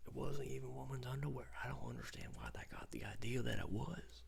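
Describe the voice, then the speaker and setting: A man's voice: medium pitch, a little hiss or hum, heavily acted. A man voicing a rambling former cowboy in a whispered role-play, his talk full of restarts and fillers. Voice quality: gravelly, husky whisper.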